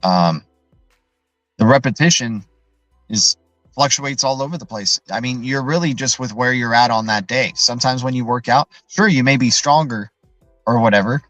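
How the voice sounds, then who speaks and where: A man's voice: medium pitch, moderate pace, pauses often, fairly bright tone, no echo, faint music behind, poor audio. A man hosting a live stream in a loose, rambling way, tagging his points with "right?" and answering viewer chat as he goes. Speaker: livestream host.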